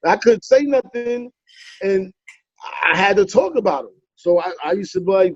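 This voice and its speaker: A man's voice: sits high, moderate pace, dry recording, dull audio. A man from the Bronx, a comedian telling playful, teasing stories in a casual interview. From the Bronx, New York. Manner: animated storyteller, playful teasing. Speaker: comedian guest.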